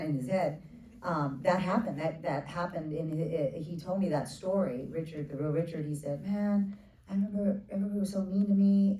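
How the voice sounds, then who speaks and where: A woman director in her forties answering questions in a casual onstage Q&A. She talks like an animated storyteller, acting out other people with quick asides. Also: sits low, slight background noise. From United States. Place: theater stage with audience. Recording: roomy theater sound from a distant mic.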